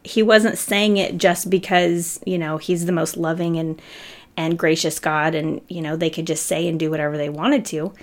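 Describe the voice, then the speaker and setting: A woman's voice: low voice, steady tone, moderate pace. A middle-aged woman giving a sermon, telling a family story in a conversational, humorous way. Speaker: preacher.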